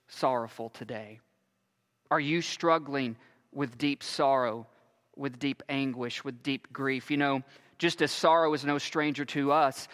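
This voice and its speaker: A man preaching a sermon in a slow, earnest way with long pauses, reading and retelling scripture. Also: mid-range voice, a bit bright. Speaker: pastor. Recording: long hall reverb.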